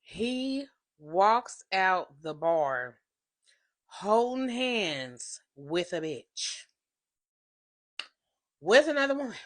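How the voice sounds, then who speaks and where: Woman in her thirties, vlogger, confessional story, animated, swears a lot, hushed then loud. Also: mid-range voice, drawn-out words, long pauses. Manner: animated, profane, swings between hushed and loud.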